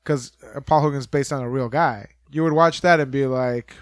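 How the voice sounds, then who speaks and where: A man's voice: medium pitch, fairly even intonation, normal speed, no echo. A man co-hosting a casual movie podcast, rambling, laughing often and swearing freely. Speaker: podcast co-host. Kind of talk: casual movie review chat.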